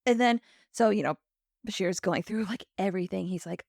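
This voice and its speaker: A woman's voice: medium pitch, fast, creaky, no echo, clean studio sound. A woman co-hosting a podcast, recapping an episode in casual chat, laughing often and acting out the characters' lines. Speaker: podcast co-host.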